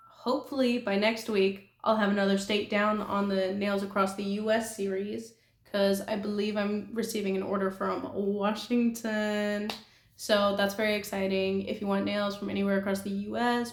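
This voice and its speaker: A young woman from California, a nail art vlogger, makes casual, rambling conversation with her viewers, punctuated by giggles and self-deprecating comments. Her mid-range voice keeps a level tone at normal speed, and the apartment room she's in sounds echoey.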